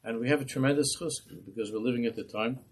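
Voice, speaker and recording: A man's voice: medium pitch, fast talker, slight background noise. A man, a rabbi, teaching a Torah class in a passionate, rhetorical way. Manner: impassioned, rhetorical.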